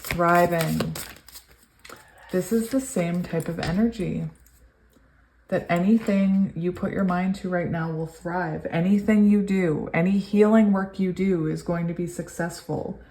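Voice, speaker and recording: A woman doing a pick-a-card tarot reading. She gushes with excitement and laughs often, then reads card messages aloud in a steady cadence. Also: fairly low pitch, a little slow. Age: adult, long sober. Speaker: tarot reader.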